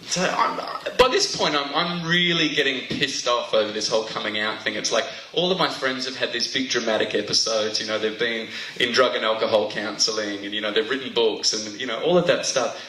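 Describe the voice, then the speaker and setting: A man's voice: mid-range voice, brisk, few pauses, pushed and bright. A man performing a stand-up routine on stage, chatty and self-mocking, tripping over his own words. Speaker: stand-up comedian. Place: comedy stage before a live audience. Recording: roomy live venue sound, faint noise.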